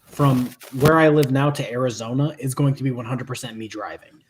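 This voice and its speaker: A man's voice: mid-range voice, brisk, crowd noise. A man from Michigan whose accent slips toward Southern, chatting casually on a live stream after a few drinks and often trailing off. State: has been drinking. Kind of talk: casual chat.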